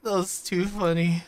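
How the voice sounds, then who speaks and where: A woman streaming a game playthrough who talks to her chat, excitable and casually swearing. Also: on the low side. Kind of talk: live game playthrough commentary.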